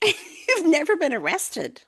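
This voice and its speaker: An older woman chats in a casual podcast, playful and teasing. Her pitch moves in a lively way while her pace stays slow and unhurried. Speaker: guest, mother of the hosts.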